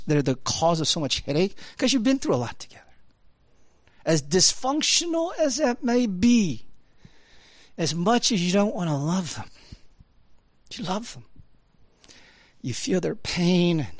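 In this echo-free recording, a man gives an animated, casual sermon. He shifts between loud, high emphasis and hushed, low asides, mixing in laughs and fillers.

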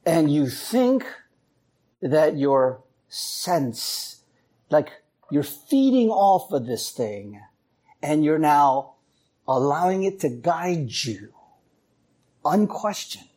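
Extremely slow and pausing often, a male pastor with a voice on the high side preaches a sermon, acting out voices as he tells his stories with animation.

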